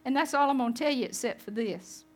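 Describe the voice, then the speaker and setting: A woman's voice: sits high, fast talker. A woman pastor giving a conversational sermon, chatting with her congregation.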